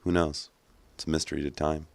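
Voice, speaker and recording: A man with a deep voice giving casual gameplay commentary as a gaming channel host, rambling, joking and swearing freely. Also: level tone, brisk, vocal fry, no room sound.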